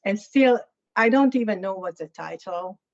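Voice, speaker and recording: A woman from Hungary with a Hungarian accent, giving a lecture about her own artwork. She talks in a candid, halting way, searching for words, and her voice is slightly hoarse. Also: mid-range voice, animated, muffled recording. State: slightly hoarse, clearing throat. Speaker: guest artist lecturer.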